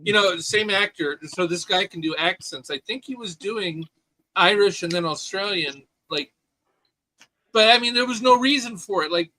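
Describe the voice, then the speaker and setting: A man co-hosting a casual podcast chat, talking in an animated, rambling way with lots of restarts. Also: sits high, moderate pace, rough recording. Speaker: podcast co-host.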